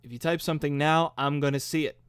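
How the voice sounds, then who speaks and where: A man's voice: fairly high pitch, steady tone, fast talker, clear, resonant tone, no echo, studio quality. A man hosting a live stream, chatting casually and upbeat as he answers viewer comments into a microphone. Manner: chatty, upbeat and self-deprecating. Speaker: host. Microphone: studio microphone.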